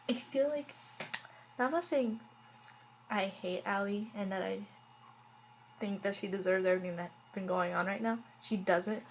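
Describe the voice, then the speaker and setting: Reviewing a TV episode in a casual vlog, a woman speaks at a moderate pace in a medium-pitched voice, leaving long pauses. The low-quality recording has slight background noise, and her talk rambles with many "like"s, fillers, and wry, exasperated asides.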